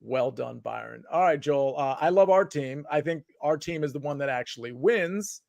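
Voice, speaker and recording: A man's voice: fairly high pitch, lively intonation, normal speed, gravelly, a little mellow, dry recording, studio quality. A man hosting a casual live sports chat, rambling with many filler words and restarts. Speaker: podcast host.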